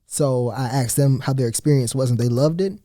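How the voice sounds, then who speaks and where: A teenage boy from Atlanta, Georgia, calmly answering questions as a guest on a school podcast. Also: mid-range voice, fairly quick, dry recording, clean studio sound. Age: teens. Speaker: guest student. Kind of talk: casual interview answers.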